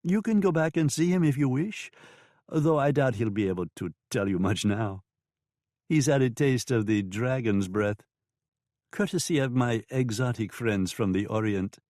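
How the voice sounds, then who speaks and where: A man voicing a sly, mocking saloon madam with a French accent in an audiobook, speaking slowly and smoothly. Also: medium pitch, animated, a little mellow, dry recording, studio quality, close to an everyday voice. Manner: smooth, taunting, slow and drawn-out. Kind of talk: audiobook character voice.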